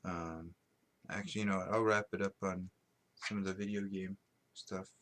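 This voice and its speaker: Low-voiced man rambling on a podcast. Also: little pitch movement, moderate pace, fairly bright tone. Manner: rambling, many ums and restarts, laughs at himself. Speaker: podcast host. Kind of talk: casual solo podcast rambling.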